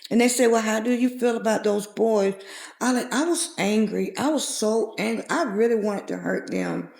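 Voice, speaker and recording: A woman's voice: on the high side, normal speed, vocal fry, darkish tone. A middle-aged woman earnestly telling a heartfelt personal story as a podcast guest. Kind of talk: personal testimony in a podcast interview. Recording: echoey room.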